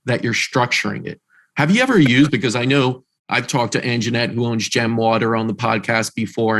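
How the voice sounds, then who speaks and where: A man's voice: medium pitch, fairly bright tone. A man hosting a podcast interview, asking long, rambling questions with eager enthusiasm. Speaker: podcast host. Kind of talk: casual interview talk.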